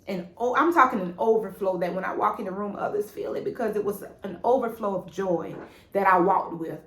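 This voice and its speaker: A woman's voice: medium pitch, fairly quick, reverberant. A woman vlogger talking casually and animatedly to her viewers about her faith, recorded on a propped-up phone at home. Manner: animated and preachy, addresses viewers as "y'all" and "baby". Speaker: vlogger sharing a faith testimony. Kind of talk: casual spoken testimony.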